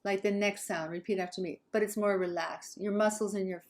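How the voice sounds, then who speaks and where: A woman from Southern California with a Southern Californian accent, teaching English pronunciation slowly and carefully and modeling sounds for learners to repeat. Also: medium pitch, fairly even intonation, darkish tone. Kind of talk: pronunciation lesson.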